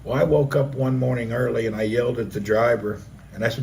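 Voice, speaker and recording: A middle-aged man on his live stream, telling a personal story with animated energy and acting out the action with vocal sound effects. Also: mid-range voice, fast talker, gravelly, a little hiss or hum.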